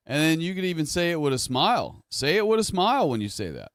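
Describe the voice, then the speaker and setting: On the high side and very animated, a man talks fast with few pauses, captured in clean studio sound with no echo. The streamer delivers a casual, rambling monologue to his audience, correcting himself along the way in a conversational style.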